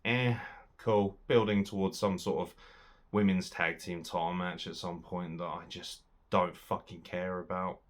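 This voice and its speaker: A young man giving a sweary, sarcastic solo wrestling review, swinging between loud outbursts and muttered asides. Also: low voice, steady tone, a little slow.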